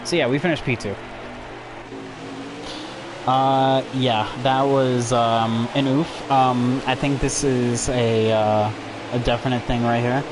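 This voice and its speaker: A man's voice: mid-range voice, fairly even intonation, slow pace, over music, poor audio. A young man commenting on a racing game replay for his stream, rambling and self-deprecating as he talks to his chat. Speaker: gaming streamer.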